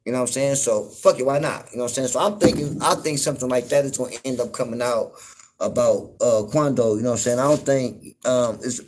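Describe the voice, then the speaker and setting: A man hosting his own show, talking in a loose, rambling commentary full of fillers and cursing, getting loud and incredulous when something riles him. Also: medium pitch, steady tone, fast talker, slight background noise. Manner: laid-back, rambling, frequent fillers and profanity. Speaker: podcast host. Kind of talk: casual commentary monologue.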